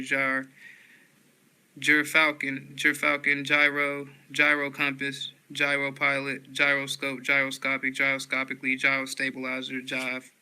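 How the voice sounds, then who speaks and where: Guy reading dictionary words one by one, super bright clear voice, real flat. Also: medium pitch, rough recording. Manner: slow, flat, one word after another. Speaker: dictionary reader. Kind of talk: reading a word list aloud.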